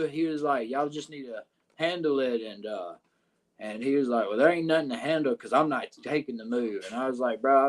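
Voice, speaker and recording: A man with a Southern US accent telling a locker-room story in a podcast interview, cursing often and rambling with fillers. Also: medium pitch. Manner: profane, rambling, frequent "uh" and "you know what I'm saying". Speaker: wrestler guest.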